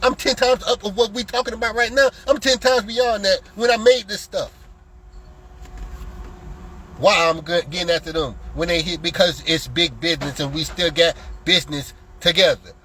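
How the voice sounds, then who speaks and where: A man delivering a heated solo rant to his audience, taunting critics and swinging between loud jabs and muttered asides. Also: high voice, moderate pace, low-quality recording. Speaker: lottery content creator.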